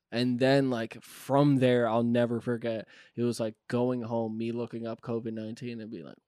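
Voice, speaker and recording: A man's voice: mid-range voice, flat delivery, moderate pace, hardly any pauses, a little mellow, no echo, studio quality. A man telling a story in a casual podcast chat, full of fillers and cursing. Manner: rambling, filler-heavy storytelling.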